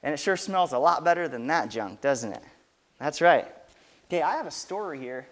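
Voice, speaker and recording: A man's voice: fairly high pitch, moderate pace. A man reading a story aloud to children, stopping often to ask them questions. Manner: lively, asks the kids questions.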